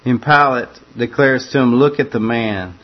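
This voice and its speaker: A man's voice: medium pitch, moderate pace, highs cut off. A man preaching a conversational sermon that walks through a scripture passage, often repeating words as he restarts his phrases.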